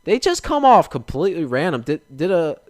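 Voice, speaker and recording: A man's voice: a little high, very animated, brisk, no echo, studio quality. A young man hosting a podcast, ranting casually and with exasperation. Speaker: podcast host.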